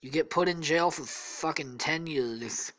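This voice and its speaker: A rough, foul-mouthed male cop barks orders and shrugs off questions in a casual told-story voice, as a podcaster puts him on. He has an offhand, profane manner. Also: medium pitch, a little slow, fairly bright tone, lightly acted, low-quality recording. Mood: matter-of-fact. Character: gruff male police officer arresting a suspect.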